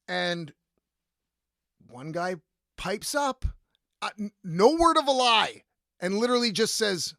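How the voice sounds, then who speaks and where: A man's voice: high voice, sing-song, takes it slowly, vocal fry, long pauses, bright, forceful tone, no room sound, studio quality. Profane, rambling man telling a story. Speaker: podcast host. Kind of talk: casual storytelling.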